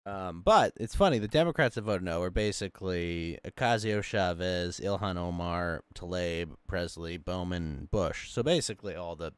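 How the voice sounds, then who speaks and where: A man's voice: low voice, moderate pace, hardly any pauses, smooth, no room sound, clean studio sound. A young man hosting a casual online talk show, laid-back and chuckling often. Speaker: podcast host. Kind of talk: casual chat.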